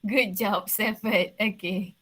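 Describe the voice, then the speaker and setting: A woman's voice: medium pitch, steady tone, takes it slowly, fairly bright tone. A woman teacher with a Malaysian accent explaining a play to a class, checking in with questions. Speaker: English literature teacher.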